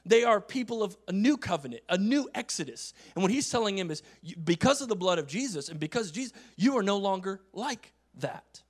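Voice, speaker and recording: Emphatic high-voiced male pastor preaching. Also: expressive, a little fast, hardly any pauses. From United States. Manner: emphatic, repeats phrases, swings from loud to quiet. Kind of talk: sermon.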